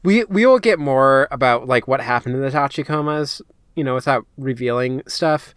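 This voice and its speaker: A man chats casually as a podcast co-host, animated and thinking out loud with plenty of filler words. His voice is smooth and resonant. The sound is dry and close to the mic. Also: mid-range voice, dry recording. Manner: animated, lots of filler words, quick asides. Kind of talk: casual chat.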